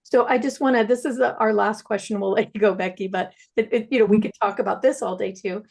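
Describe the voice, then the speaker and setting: Animated, gravelly-voiced woman. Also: quick pace. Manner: animated storyteller, swings pitch widely. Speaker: practitioner. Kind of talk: storytelling in a panel conversation.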